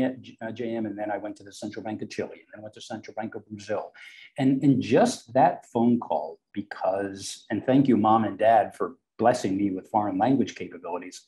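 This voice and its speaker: A man who grew up speaking Portuguese at home, a podcast guest telling stories with animated delivery. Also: on the low side, low-quality recording. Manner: animated, acts out quoted voices. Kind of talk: storytelling in an interview.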